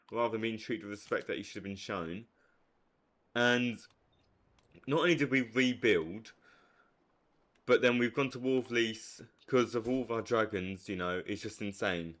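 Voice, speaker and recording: A young man giving live commentary on a strategy game, swinging from low muttering to hyped outbursts. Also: a bit bright. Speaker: streamer.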